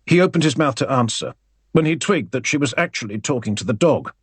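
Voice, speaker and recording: A male audiobook narrator with a wry, expressive way of telling the story. His slightly husky voice rises and falls a lot, and the recording is dry and close. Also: medium pitch, brisk, dry recording.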